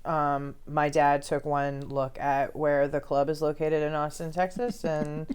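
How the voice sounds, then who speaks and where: Low-voiced chatty woman, clear tone. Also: flat delivery, darkish tone. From grew up moving around as an army kid. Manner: chatty, quick asides, swears casually. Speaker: comedy club owner, podcast guest. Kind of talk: casual podcast chat.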